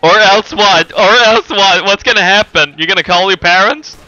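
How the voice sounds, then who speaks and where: A man's voice: sits high, normal speed, sharp tone, highs cut off. A man streaming a game and chatting casually with a friend, laughing often as he talks. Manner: giggly, laughs often while talking. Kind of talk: casual gaming chat with a friend.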